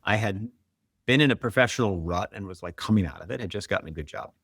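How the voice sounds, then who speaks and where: A middle-aged man, a guest author and marathoner, telling stories in a quick, animated, conversational way, full of "like" and "right?". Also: on the low side, creaky, no echo, clean studio sound. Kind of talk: conversational storytelling.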